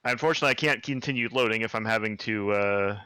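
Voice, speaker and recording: Low-voiced guy playing a tabletop game, bright tense tone, dead dry mic. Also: fast talker, smooth, no room sound. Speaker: player.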